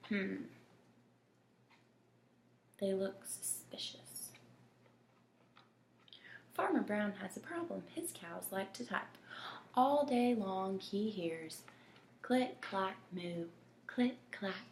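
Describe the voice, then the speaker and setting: Slow whispery woman reading a picture book. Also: mid-range voice, animated. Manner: slow and gentle, often dropping to a whisper. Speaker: storybook reader. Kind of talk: children's picture book read-aloud. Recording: echoey room with faint noise.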